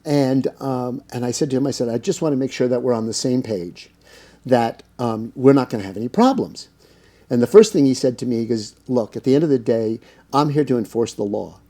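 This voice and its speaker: Mellow-voiced man telling stories. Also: mid-range voice, expressive, a little fast. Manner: anecdotal, lots of fillers, acts out quoted dialogue. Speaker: interview guest, cannabis business owner. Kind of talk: casual storytelling interview.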